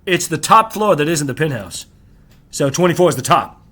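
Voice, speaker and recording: A man's voice: fairly high pitch, sing-song, normal speed, fairly bright tone. A man voicing a courteous young male hotel desk clerk in a novel reading.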